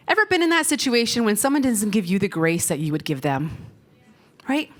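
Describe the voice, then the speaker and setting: On stage at a conference, a keynote speaker talks into a stage microphone in a medium-pitched, fairly bright voice. She tells playful stories, laughs frequently, and speaks straight to the audience.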